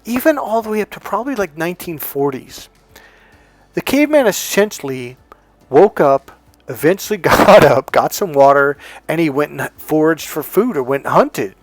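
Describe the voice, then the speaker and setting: A man talking casually as a dating coach, telling a story with lively asides and quoted voices. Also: a little high, no echo. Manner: animated, mimics voices in quoted dialogue, laughs often.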